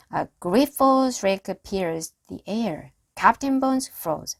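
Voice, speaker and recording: A woman reading a children's chapter book aloud, slow and expressive. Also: medium pitch, creaky, no echo. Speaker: reader.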